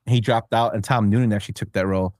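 A man's voice: fairly low pitch, steady tone, fast talker, a little mellow, no room sound, studio quality. A man hosting a podcast, chatting casually and rambling with filler words. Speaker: podcast host. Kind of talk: casual chat.

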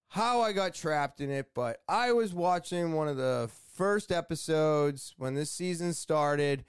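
A man's voice: on the high side, a little slow, hardly any pauses, clean tone, no echo, studio quality. A man hosting a podcast, talking in a rambling, blunt way with swearing and lots of fillers. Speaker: podcast host. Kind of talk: casual podcast rant.

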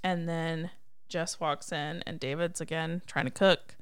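A woman's voice: deep voice, little pitch movement, a little slow, clear, resonant tone. A woman co-hosting a podcast, chatting casually through a recap, laughing often and acting out what characters say. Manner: laughs often, acts out characters' lines in quotes. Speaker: podcast co-host.

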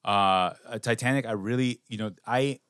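Animated, profane man trashing a film. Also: mid-range voice, clean tone, dry recording, clean studio sound. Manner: animated, profane, halting restarts. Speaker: podcast co-host. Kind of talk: casual film-review banter.

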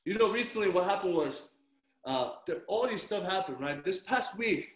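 A man preaching a sermon as pastor, telling stories with animated delivery and acting out his own reactions. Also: high-pitched, moderate pace. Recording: roomy echo.

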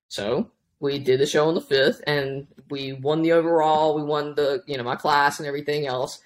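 Animated, rambling woman telling her story. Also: low voice, brisk. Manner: rambling, animated, many restarts. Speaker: podcast guest, powerlifting coach. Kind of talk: casual interview storytelling.

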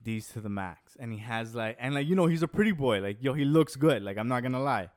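A man's voice: medium pitch, animated, a little fast, dry recording, clean studio sound. A man talking casually and rambling, with many "like"s and "yo"s. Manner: rambling, heavy use of "like" and "yo". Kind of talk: casual chat.

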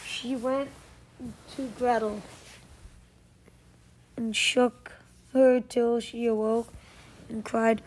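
A woman reading a fairy tale aloud, slow and measured, with small slips and restarts. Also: on the high side, little pitch movement, a little mellow. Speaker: storyteller.

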